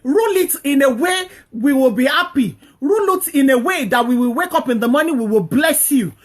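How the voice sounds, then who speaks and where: A woman's voice: high voice, animated, fairly quick. A woman hosting a talk, giving earnest, repetitive marriage advice and exhorting her listeners.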